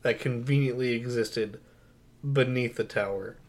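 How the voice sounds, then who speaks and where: A young man talking through old films on a podcast mic, with a voice of ordinary pitch. He recounts scenes in an incredulous, animated way and laughs often, which keeps the talk lively. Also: a little slow. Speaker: podcast co-host. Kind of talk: casual movie review chat.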